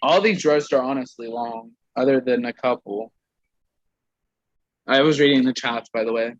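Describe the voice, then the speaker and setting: A man's voice: mid-range voice, moderate pace, dull audio. A young man casually reading roasts aloud to a group on a call, stumbling over words and laughing.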